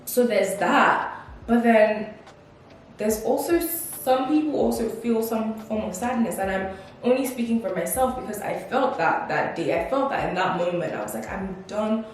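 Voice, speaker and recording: Her voice fairly high and expressive at a normal speed, a twenty-something vlogger gives a casual life update, reflecting aloud with lots of fillers and performed quotes. The recording comes from a distant mic in a very echoey, faintly noisy room.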